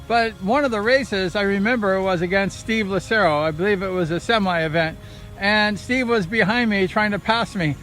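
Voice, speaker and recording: High-voiced man telling racing stories. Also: normal speed, over music. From Southern California. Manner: rambling, excited retelling with quoted voices. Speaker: vlogger recounting racing days. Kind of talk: casual storytelling.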